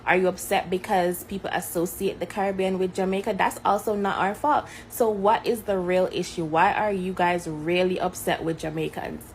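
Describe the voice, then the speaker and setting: A woman's voice: on the low side, steady tone, moderate pace, hardly any pauses. A woman talking to camera, asking a string of pointed rhetorical questions. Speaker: social media creator. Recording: faint background noise.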